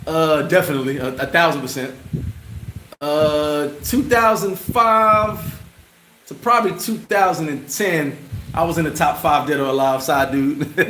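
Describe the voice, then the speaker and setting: A man with a high voice hosts a casual livestream. He answers chat comments in an animated, slangy way and laughs often. He is recorded in a roomy space with loud noise behind him. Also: unhurried. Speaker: channel host answering live chat. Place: bar.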